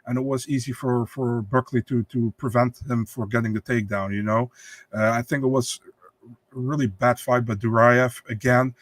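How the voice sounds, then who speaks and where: Male co-host, casual podcast chat, loose and halting; dry, close recording. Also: medium pitch, fairly even intonation, dry recording.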